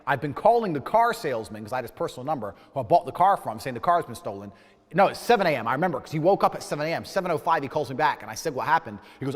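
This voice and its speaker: A man tells a story in an indignant rant, swearing freely as his pitch leaps up and down. His voice sits a little high for a man, and a long reverb trails behind it. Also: big pitch swings, racing. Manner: indignant, profane, ranting. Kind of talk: heated anecdote.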